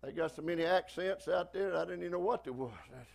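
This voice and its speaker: A pastor with a Southern US accent from Texas, preaching a folksy, emphatic sermon with frequent praise-God interjections. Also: male voice, on the high side, fast, vocal fry, hardly any pauses.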